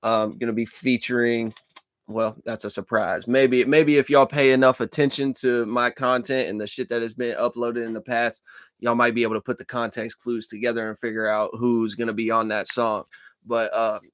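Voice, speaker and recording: A man hosting a casual dream-journal vlog from a dark room at his computer, talking into a desk microphone in a rambling, profane way with lots of fillers and restarts. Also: medium pitch, level tone, normal speed, no room sound, clean studio sound. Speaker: channel host.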